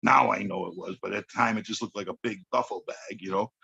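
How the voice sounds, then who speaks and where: A man's voice: fairly low pitch, fairly even intonation, fast talker, creaky, pushed and bright, husky, dull audio. A man, telling a street story on a podcast in a blunt, profane way, often checking in with "okay.". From Chicago. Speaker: podcast guest. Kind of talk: casual storytelling chat.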